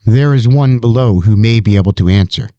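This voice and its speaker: A man voicing a stern, mysterious guardian who is the heroine's uncle, speaking in measured pronouncements. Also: on the low side, mellow, no echo, dull audio, lightly acted. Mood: grave.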